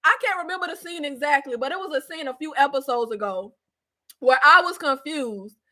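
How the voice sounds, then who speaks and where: A woman reviewing a TV series in a casual live chat, blunt and slangy, getting worked up, yelling and laughing at her own jokes. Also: sits high, expressive, a little fast. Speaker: show reviewer.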